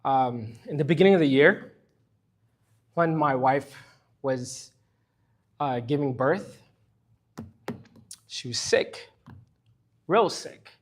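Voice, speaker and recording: A middle-aged man teaches a church Bible study in a slightly husky voice. His pitch swings widely as he moves from calm explanation to open, candid emotion. He speaks earnestly and plainly. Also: takes it slowly, long pauses. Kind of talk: impassioned church lesson.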